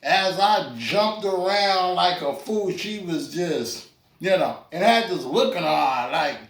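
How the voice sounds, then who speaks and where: High-voiced man doing roomy stand-up. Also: expressive, measured pace, fairly bright tone. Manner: loose, chatty storytelling with lots of fillers and crowd asides. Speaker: stand-up comedian. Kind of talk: stand-up comedy set. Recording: roomy club sound from a distance.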